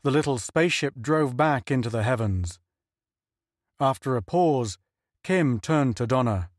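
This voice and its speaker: A man narrating a science fiction audiobook in measured scripted storytelling. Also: mid-range voice, expressive, no echo, studio quality.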